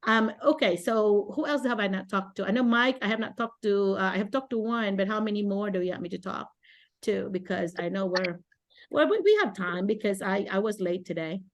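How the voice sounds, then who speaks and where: A woman's voice: medium pitch, fairly quick. A middle-aged woman from the Philippines hosting a casual video call as a teacher mentor, chatty and laughing often. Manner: chatty, laughs often, animated self-quoting.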